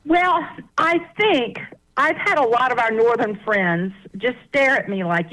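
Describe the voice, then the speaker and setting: A woman's voice: on the high side, huge pitch swings, measured pace, fairly bright tone, poor audio. A woman from the American South with a Southern accent, a guest author telling folksy stories on a radio show. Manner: folksy, laughs often, chatty. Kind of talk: casual interview storytelling.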